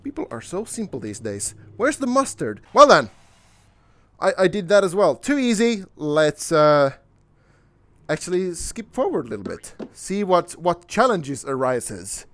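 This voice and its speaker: A young man giving casual let's-play commentary, excitable, swearing casually and talking to himself while he plays. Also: high voice, a little slow, no room sound. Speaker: gaming YouTuber.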